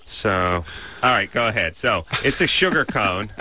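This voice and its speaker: Bright-voiced man hosting call-in radio. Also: on the low side, animated. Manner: joking, riffing, quick questions to the caller. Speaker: radio show host. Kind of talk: casual call-in radio banter.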